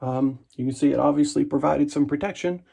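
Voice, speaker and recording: A little high and brisk, this man's voice is creaky yet mellow. He runs a wet shaving vlog from his home bathroom, joking about himself and rambling as he shaves.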